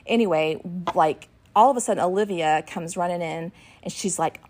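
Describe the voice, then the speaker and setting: A middle-aged woman co-hosting a podcast, chatting and telling lively family stories about her kids in an animated way. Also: fairly low pitch, moderate pace. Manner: animated, acts out her kids' voices when retelling. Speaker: podcast co-host and ministry worker. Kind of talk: casual chat with storytelling.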